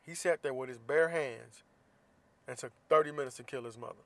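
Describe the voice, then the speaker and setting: A man's voice: medium pitch, fairly quick, no room sound. Blunt, profane man ranting. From Florida. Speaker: podcast host. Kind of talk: casual opinion monologue.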